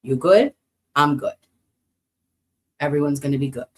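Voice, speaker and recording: An American woman streaming casually to her chat, animated, cursing freely, and swinging up high when excited. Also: measured pace. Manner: animated, swearing, talks to chat.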